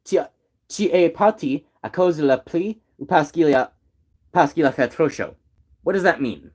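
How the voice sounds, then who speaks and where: A man's voice: fairly high pitch, lively intonation, moderate pace. Teasing young man playing teacher. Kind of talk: casual chat.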